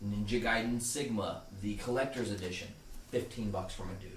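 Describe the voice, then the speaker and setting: A man co-hosting a gaming podcast, halting and full of fillers, swearing casually. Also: on the low side, reverberant, distant mic, a little hiss or hum. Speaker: podcast co-host. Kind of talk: casual chat. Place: podcast studio.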